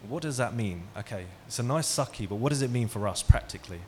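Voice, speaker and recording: A man gives a talk in a hall, speaking at a middle pitch and often turning to his listeners with questions. The recording carries a faint hum of room noise. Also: animated, fast talker, hardly any pauses. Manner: engaging, asks the audience questions. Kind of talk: interactive talk to an audience. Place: hall with an audience.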